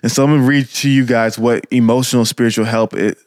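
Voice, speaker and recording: An earnest man co-hosting a podcast, encouraging listeners in a preachy, heartfelt way. His voice sits at a middle pitch. The sound is dry and close to the mic. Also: fairly even intonation, fast talker, darkish tone, no echo. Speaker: podcast co-host. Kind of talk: casual podcast talk.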